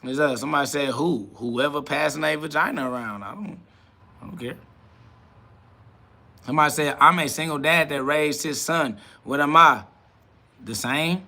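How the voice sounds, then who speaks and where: A man's voice: on the high side, moderate pace, pauses often, sharp tone. A man hosting a live stream, ranting combatively and profanely while answering chat comments.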